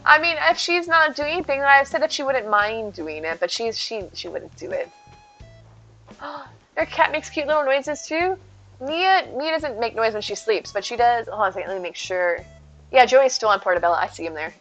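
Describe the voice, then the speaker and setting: A female live streamer chats casually with viewers as she games, talking sweetly about her cat. Her voice is fairly high and a bit bright, with lively intonation at a normal speed, and soft music plays in the background.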